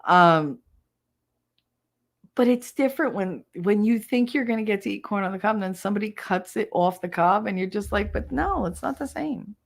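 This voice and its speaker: A woman's voice: medium pitch, moderate pace. A woman hosting a podcast, telling stories in a blunt, profane, casual way and laughing often. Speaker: podcast host. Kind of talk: casual solo chat.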